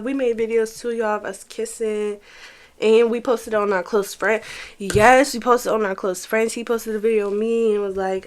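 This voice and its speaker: A young woman, telling a casual storytime to her viewers in an animated, profane way, talking straight to them. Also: a little high, moderate pace. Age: young adult.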